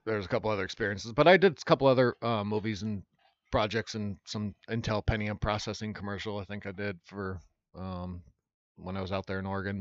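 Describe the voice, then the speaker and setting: A man, a comedian guest, telling stories in a casual, rambling, animated way with lots of fillers. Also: fairly low pitch, no echo, muffled recording. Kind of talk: casual storytelling chat.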